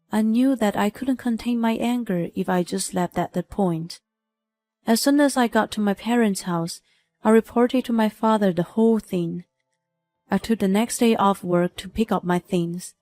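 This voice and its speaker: A young woman narrating a scripted first-person story in a steady, even reading voice. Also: medium pitch, no room sound.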